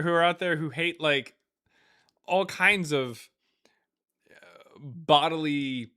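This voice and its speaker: Bright, dry-voiced joking livestream host. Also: male voice, on the high side, clear, resonant tone, no echo. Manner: joking, rambling storytelling with laughs; reads out viewer super chats. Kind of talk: casual livestream chat.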